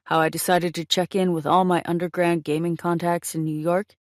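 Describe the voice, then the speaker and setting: A woman's voice: lowish voice, little pitch movement, a little fast, dry recording, natural voice. A woman reading the lines of a sheepish, scheming wealthy man in an audiobook, in a plain voice close to her own. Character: man, rich playful schemer. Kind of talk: audiobook character voice.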